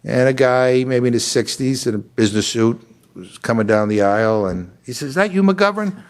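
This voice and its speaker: A man's voice: lowish voice, moderate pace, smooth. Older man talking in rambling, restarting speech. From Massachusetts. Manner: rambling, many restarts and fillers, animated storytelling. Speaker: congressman. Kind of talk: casual conversational talk.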